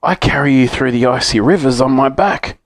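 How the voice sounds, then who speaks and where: A man reading as a gentle toy elephant. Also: medium pitch, moderate pace, no echo, pitched above the performer's own voice, close to an everyday voice. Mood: adventurous.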